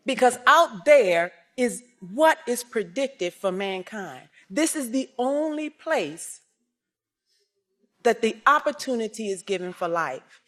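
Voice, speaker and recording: A woman speaks at a religious service, giving a personal testimony. She tells it with strong feeling and breaks into loud outbursts. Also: on the high side, animated, takes it slowly. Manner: emotional storytelling, rising to loud outbursts.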